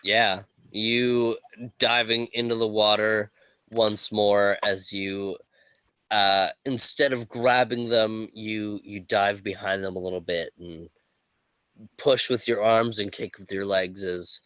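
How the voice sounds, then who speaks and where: Low-voiced male game master, slow. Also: steady tone, pushed and bright, smooth, dry recording. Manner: halting, many fillers and restarts. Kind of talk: narrating a tabletop game.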